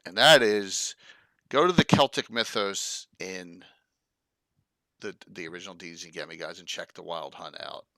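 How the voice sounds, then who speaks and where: A man's voice: low-pitched, moderate pace, bright, forceful tone, no echo. A man in a casual chat about tabletop games, who speaks with gushing enthusiasm. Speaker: podcast guest.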